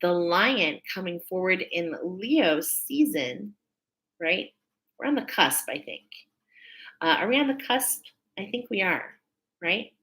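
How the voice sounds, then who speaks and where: A woman's voice: lowish voice, sing-song, slow pace, a bit bright. A woman hosting a live stream as a spiritual reader, chatting casually and spontaneously, thinking aloud and laughing often.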